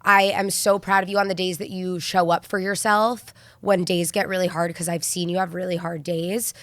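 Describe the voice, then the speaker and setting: A woman hosts a sit-down interview and pours out encouragement to her guest. Her voice sits somewhat low for a woman. The recording is dry, with no audible room. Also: flat delivery, moderate pace, fairly bright tone, no echo. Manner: affectionate, effusive, encouraging. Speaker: podcast host.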